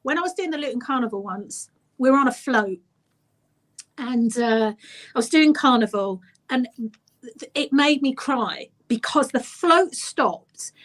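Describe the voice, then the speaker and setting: High-voiced woman with Estuary English accent. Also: measured pace. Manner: animated storyteller, acts out voices. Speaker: radio presenter guest. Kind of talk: casual chat.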